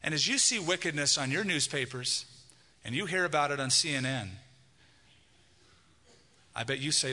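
A man's voice: on the high side, expressive, normal speed, long pauses, sharp tone, long reverb tail. A man preaching a sermon as pastor, emphatic and reading a passage aloud.

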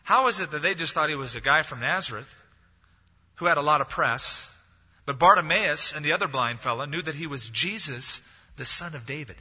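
A man's voice: fairly high pitch, animated, brisk, sharp tone, husky. A man preaching a sermon as pastor, telling a story and acting out the voices of the people in it. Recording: dull lo-fi audio, long hall reverb.

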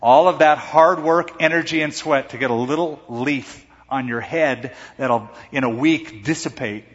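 A man's voice: mid-range voice, unhurried. A man preaching a sermon as pastor, emphatic and rising to strong peaks of emphasis. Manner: emphatic preaching with dramatic swings in loudness. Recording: echoey hall, dull muffled sound.

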